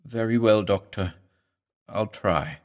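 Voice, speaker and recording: A man's voice: fairly high pitch, sing-song, measured pace, a bit bright, voice pushed up, exaggerated voice. A man voicing a terrified female chief nurse who speaks in a faltering, tearful way. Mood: subdued.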